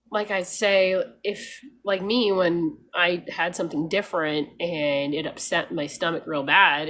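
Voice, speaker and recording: A woman's voice: low voice, a bit bright, husky. A woman vlogger talking casually and frankly, laughing often and mimicking others as she rants. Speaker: homesteading vlogger. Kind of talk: casual talking-head rant.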